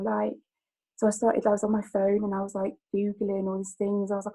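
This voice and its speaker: A woman's voice: medium pitch, little pitch movement, brisk, darkish tone, poor audio. A woman in her thirties, a personal trainer telling her own story on a group call, rambling with lots of "like"s and restarts.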